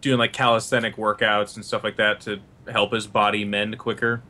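A man describing his character in a tabletop game, with a bright, forward voice. His delivery is measured and unhurried. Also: on the low side, flat delivery. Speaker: player. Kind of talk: casual tabletop play.

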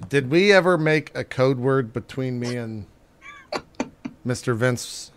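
A man's voice: medium pitch, animated, slow pace, a little hiss or hum. A man playing a tabletop game, speaking in a mock-formal, in-character manner. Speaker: player. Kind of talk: in-character tabletop role-play.

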